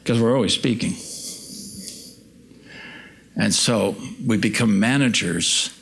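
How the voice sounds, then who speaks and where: A man's voice: fairly low pitch, slow pace, gravelly, fairly bright tone, slight background noise. A man preaching a sermon as pastor, conversational and self-deprecating, asking the congregation questions. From United States. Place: church.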